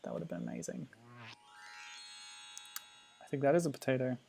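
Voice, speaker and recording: A man streaming a game, chatting in a relaxed, amused way and answering chat comments. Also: mid-range voice, fairly quick, vocal fry, faint music behind. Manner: chatty, amused, laughs often, reacts to the game. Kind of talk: casual gameplay commentary.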